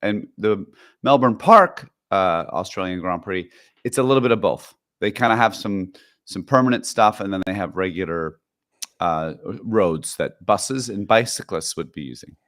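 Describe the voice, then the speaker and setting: A man's voice: low-pitched, moderate pace, fairly bright tone. A man co-hosting a podcast in casual chat, rambling with restarts and asides. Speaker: podcast co-host.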